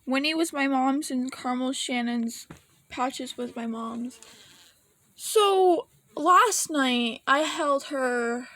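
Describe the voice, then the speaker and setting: Taking it slowly, a woman with a high, fairly bright voice vlogs in a dry recording. She rambles through an emotional, casual rant, curses now and then, and swings between laughing and nearly crying.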